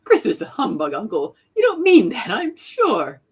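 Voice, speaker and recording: A man doing a merry young nephew, raised pitch. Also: wildly swooping pitch, normal speed, breathy edge, exaggerated voice. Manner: merry, pleading. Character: cheerful young male nephew. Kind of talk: comic book read-aloud.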